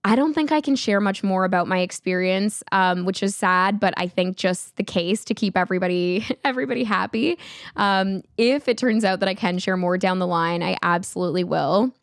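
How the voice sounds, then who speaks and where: A woman's voice: mid-range voice, normal speed, no echo, clean studio sound. Chatty young woman telling a story. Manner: chatty, animated, many "like" fillers. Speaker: podcast host. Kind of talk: casual storytelling.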